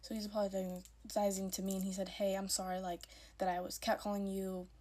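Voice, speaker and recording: A woman's voice: mid-range voice, little pitch movement, a little fast, dark tone. A young woman telling a story in a casual, emphatic way, repeating herself when worked up.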